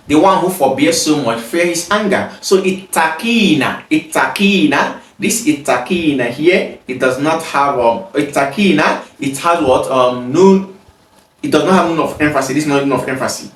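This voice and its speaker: A man teaching grammar, reading example sentences, translating them and explaining step by step with frequent pauses. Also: on the high side, fairly bright tone, far from the mic. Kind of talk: explaining exercises in a grammar lesson. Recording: echoey room, mic set back.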